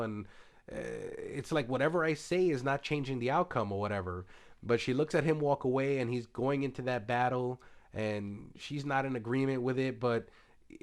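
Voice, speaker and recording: Man rambling through a casual spoiler review. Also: mid-range voice. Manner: loose, rambling retelling with many fillers. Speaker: TV show reviewer.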